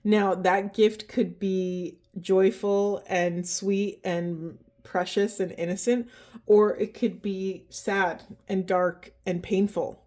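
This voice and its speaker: Woman doing a heartfelt spiritual card reading, slow and halting, shaky voice, mid pitch. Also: steady tone, dark tone. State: emotional, breathing heavily, voice trembling. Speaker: oracle card reader.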